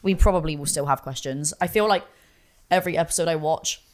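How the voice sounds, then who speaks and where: A young woman with a low voice co-hosts a casual podcast. She chats and teases, often turning to talk straight to the listeners. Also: quick pace, darkish tone. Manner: chatty, teasing, addresses listeners as guys. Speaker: podcast co-host. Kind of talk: casual chat.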